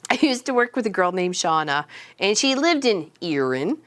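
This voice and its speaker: A woman's voice: medium pitch, big pitch swings, moderate pace, a bit bright. A woman in casual chat with her viewers, telling stories, laughing often and teasing people by name. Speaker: streamer chatting with viewers.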